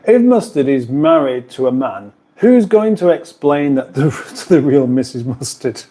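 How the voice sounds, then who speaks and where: Chatty British man, mellow voice. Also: mid-range voice, sing-song, unhurried. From United Kingdom. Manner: rambling, chatty, reads out viewer comments. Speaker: live stream host. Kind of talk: casual live chat. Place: kitchen.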